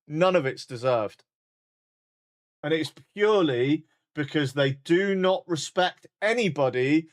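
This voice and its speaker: A man in his forties with a British accent, ranting bluntly and heatedly in a sweary live stream chat. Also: on the high side. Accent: British English. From United Kingdom. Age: 40s.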